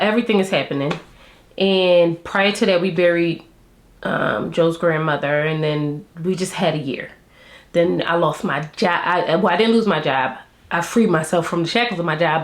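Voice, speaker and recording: A woman vlogger reviewing a reality show, chatting to her viewers in a candid, slangy way and laughing often. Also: fairly low pitch. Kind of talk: casual chat to camera. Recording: roomy echo.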